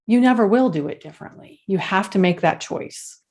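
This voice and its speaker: A woman's voice: mid-range voice, lively intonation, brisk, a little mellow. A woman speaks as a communication coach on an interview show. She delivers her advice assertively, punching each point in short declarative sentences. Her voice sits in a middle register for a woman. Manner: emphatic, assertive, makes points in firm short statements. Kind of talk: interview guest, advice-giving.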